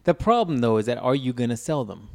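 A man's voice: mid-range voice, very animated, fast, vocal fry, a little mellow. Laid-back slangy man chatting. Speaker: co-host. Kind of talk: casual chat.

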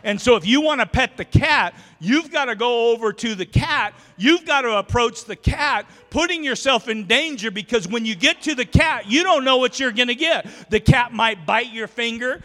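A man with a high, bright voice preaches to a congregation in a church sanctuary. He tells homely stories and jokes with his listeners. His words ring out with a long hall reverb. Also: expressive, normal speed, few pauses. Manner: folksy storytelling, joking with the congregation. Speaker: pastor. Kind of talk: sermon.

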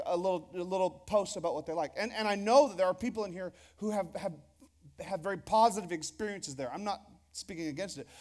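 A man's voice: high voice, a little mellow. A man preaching a sermon to a church congregation, casual and joking, often restarting his phrases. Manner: conversational and joking, with repeated restarts. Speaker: pastor. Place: church hall before a congregation.

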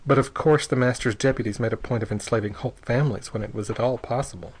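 A man narrating an audiobook in a steady, measured way. His voice sits at a middle pitch, even and unhurried. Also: poor audio.

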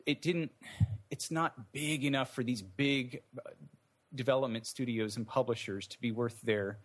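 An indie game developer answers interview questions thoughtfully, meandering with many fillers and restarts. His medium-pitched voice is a bit bright, at a moderate pace.

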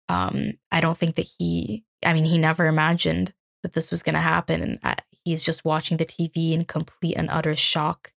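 Young woman from ukraine, low-ish voice with lots of fry, earnest and halting, podcast host telling her story. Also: no echo. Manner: earnest, reflective, halting restarts. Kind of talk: personal storytelling.

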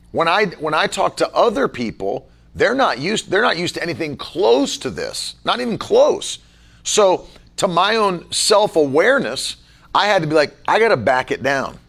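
Forceful, gravelly-voiced male pastor. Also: on the high side. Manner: forceful, animated, emphatic. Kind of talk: casual Bible-study chat.

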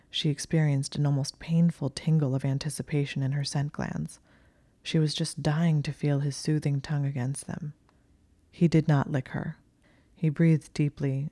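Even-toned, mellow audiobook narrator. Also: medium pitch, dry recording. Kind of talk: scripted narration of fan fiction.

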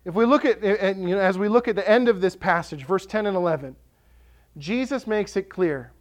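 A male pastor delivers a sermon in a notably high voice. He preaches with passion, building to emphatic declarations. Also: brisk. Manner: impassioned, rising to emphatic declarations.

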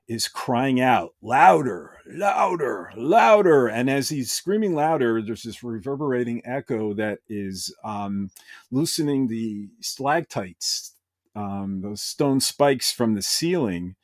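A man's voice: mid-range voice, expressive, slow pace, no echo, clean studio sound. Enthusiastic man recapping a show. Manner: enthusiastic, retells scenes with brief quoted voices. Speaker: podcast host. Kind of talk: casual episode recap.

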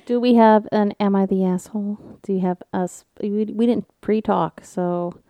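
Co-host woman, loose and profane, mid pitch, dry close sound, storyteller. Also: moderate pace, no room sound, highs cut off. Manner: swearing, laughing, animated storytelling with voices. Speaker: podcast co-host. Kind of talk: casual chat.

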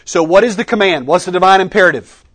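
A man teaching a conference workshop, asking the audience questions and pausing for their answers. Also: sits high, fairly bright tone. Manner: interactive, quizzing the audience with questions; Southern "y'all" in speech. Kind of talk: teaching session. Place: conference room with a live audience.

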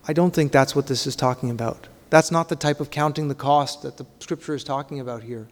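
A man preaching a sermon, leaning on rhetorical questions and swinging between loud emphatic lines and quiet, hushed ones. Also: mid-range voice, a little fast, in a large hall.

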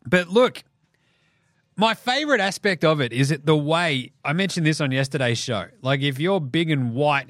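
An Australian man hosting a basketball podcast, ranting in an animated, profane way and laughing between jokes. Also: fairly high pitch, no echo, clean studio sound. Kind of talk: solo sports podcast rant.

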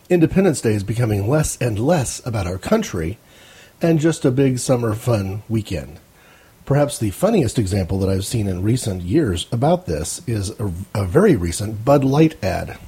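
An American man hosts a rambling opinion monologue in a lowish, mellow, husky voice. His commentary is wry, broken up by small hesitations.

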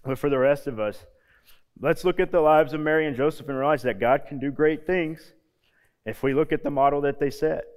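A man in his thirties, a youth pastor, preaching a casual sermon with homey stories and quiet, low emphasis on key points. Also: a little fast. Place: church hall. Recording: long hall reverb.

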